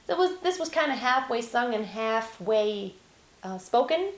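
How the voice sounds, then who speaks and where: A young woman giving a singing lesson, explaining calmly and then breaking into sung and shouted demonstrations. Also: a little high, measured pace. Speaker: singing teacher. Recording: roomy echo.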